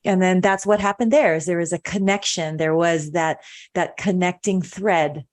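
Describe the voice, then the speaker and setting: A woman's voice: fairly low pitch, fairly even intonation, normal speed. A woman hosting a podcast, talking in an earnest, reflective way and repeating phrases for emphasis. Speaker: podcast host. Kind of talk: casual podcast conversation.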